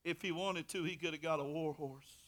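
Pastor, male, high bright voice, impassioned sermon delivery with loud and hushed swings. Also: fairly even intonation, brisk. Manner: fervent, swings from soft to loud, repeats words.

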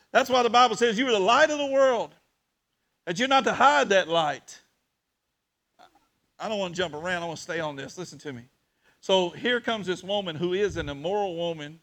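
A man preaching an emotional sermon, rising loud and dropping to near hush. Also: medium pitch. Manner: emotional, swings between loud and hushed.

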